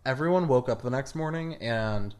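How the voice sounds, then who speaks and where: A young man co-hosting a comedy podcast, telling a story in a casual, animated way and laughing through it. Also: mid-range voice, moderate pace. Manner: animated, laughs through his stories, acts out quotes. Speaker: podcast co-host.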